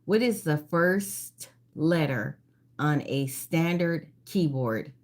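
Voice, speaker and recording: A woman hosting a casual live-stream trivia game. She reads each question slowly, repeats it, and greets viewers by name. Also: low voice, expressive, a little mellow. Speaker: livestream trivia host.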